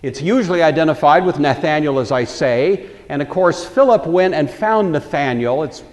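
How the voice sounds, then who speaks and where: A man's voice: a little high, lively intonation, normal speed, darkish tone, long reverb tail. A man teaching a Bible lecture in a conversational storytelling way, acting out the quoted lines.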